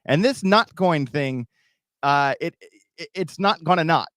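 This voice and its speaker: A man's voice: a little high, expressive, a little slow, fairly bright tone, no room sound, studio quality. A man hosting a crypto livestream in casual, rambling talk, often restarting and repeating himself while addressing viewers. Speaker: crypto YouTube host.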